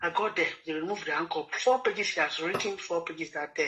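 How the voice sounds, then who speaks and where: A Nigerian man pours out his story at a quick clip, circling back over the same words as he pleads his case. His voice is bright and forward, and he keeps slipping into the voices of the people he quotes. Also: a little high, rough recording. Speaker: guest telling his story. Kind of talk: emotional personal testimony.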